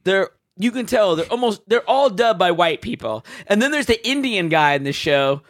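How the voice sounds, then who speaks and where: A man's voice: high-pitched, expressive, moderate pace, no room sound, studio quality. A man hosting a casual chat, blunt and profane, ranting and laughing as he goes.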